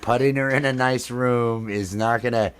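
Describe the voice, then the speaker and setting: A man's voice: mid-range voice, fairly even intonation, moderate pace, clean tone. A man hosting a casual late-night stream, rambling and playful. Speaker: stream host.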